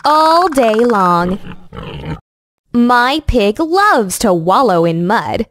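A young woman giving slow, scripted, encouraging narration to young children in a game, like a preschool teacher, recorded close to the mic. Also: fairly high pitch, sing-song, a bit bright, no echo.

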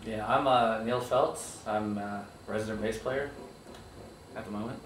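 A man in his thirties who plays bass, talking in a wry, hesitant way in a casual interview. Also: a little slow. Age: 30s. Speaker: bass player. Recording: echoey room from far off, with faint noise.

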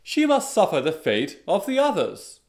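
A man telling a story voices a chorus of cold, unforgiving moonlight dancer spirits, with slow, solemn pronouncements in a strange altered tone. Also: sits high, wildly swooping pitch, darkish tone, pitched above the performer's own voice. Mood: menacing. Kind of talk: storybook voice acting.

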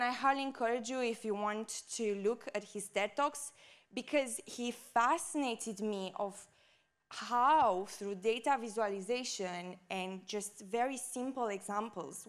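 A woman giving a conference talk. She speaks with enthusiasm, often checks in with "right?", and her microphone cuts out at times. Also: mid-range voice. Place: conference stage.

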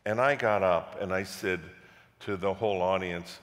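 Male pastor, low-pitched, forceful delivery in a reverberant sanctuary, storytelling sermon. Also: normal speed. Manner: animated storytelling, repeats words, rises to loud passionate peaks. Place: church sanctuary. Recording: echoey church hall.

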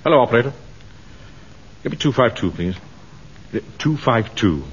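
An actor playing a pompous, self-important middle-aged bank manager who also commands a platoon, in a 1970s radio sitcom. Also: male voice, medium pitch, animated, normal speed, close to an everyday voice. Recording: dull old radio recording with faint hiss.

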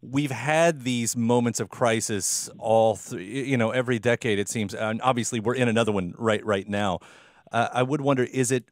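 A man's voice: medium pitch, normal speed, no room sound. A man hosting an interview, asking long questions with many restarts and fillers. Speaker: interview host. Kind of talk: conversational interview.

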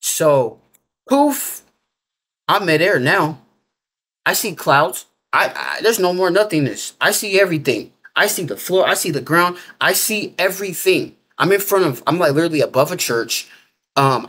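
A man's voice: medium pitch, fairly bright tone. A man telling his story in a loose, casual way, full of filler words and informal grammar. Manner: rambling, heavy use of filler 'like'. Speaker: interview guest.

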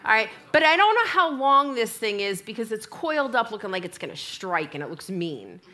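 A woman preaching a sermon in church, telling a funny personal story and acting out both sides of the dialogue in an animated way. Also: fairly high pitch, fairly quick.

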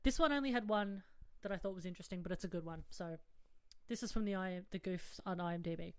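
A woman hosting a podcast in casual chat, playful and quick to laugh. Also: fairly low pitch, clear, resonant tone, no echo. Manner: giggly, playful and chatty. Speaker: podcast host.

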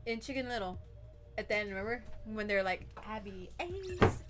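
A woman's voice: medium pitch, steady tone, quick pace, loud music behind the voice. A woman streaming a video game, chatting casually and giggling to her viewers while she plays. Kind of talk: casual live-stream chat.

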